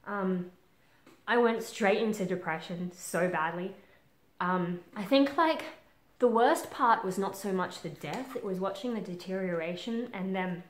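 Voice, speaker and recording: A woman in her twenties with an Australian accent and a mid-range voice talks frankly in a personal vlog. She halts often with lots of ums and swears casually, and the recording has a roomy echo.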